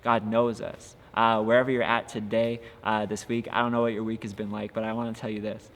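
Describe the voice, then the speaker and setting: A man's voice: fairly low pitch, little pitch movement, fairly quick, a bit bright. A young man, a youth pastor, giving an earnest, encouraging devotional talk with frequent filler sounds. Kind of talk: casual devotional podcast talk. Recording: long reverb with faint ambient noise.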